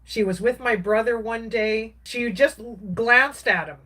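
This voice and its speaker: A woman's voice: on the high side, a little slow, a bit bright. A woman, a craft vlogger, casually recounting a personal story in a rambling way, with many restarts and filler words.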